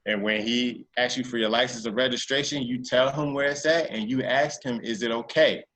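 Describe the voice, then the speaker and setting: Man from virginia telling stories on a podcast, bright clear voice, animated. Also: medium pitch, a little fast, a little hiss or hum. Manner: animated storyteller who acts out voices in his anecdotes. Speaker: interview guest. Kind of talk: casual storytelling interview.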